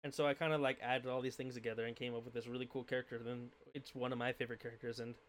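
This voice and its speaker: A man's voice: mid-range voice, little pitch movement, very fast, a bit bright, slight background noise. A man co-hosting a casual chat as a game master, rambling and hesitant, with many fillers. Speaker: podcast co-host and game master.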